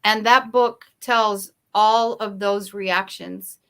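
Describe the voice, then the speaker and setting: A woman's voice: medium pitch, fairly even intonation, slow pace, pushed and bright, smooth. A woman speaking as a guest in a motivational interview, emphatic and storytelling. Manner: emphatic, storytelling, shifts pace for effect.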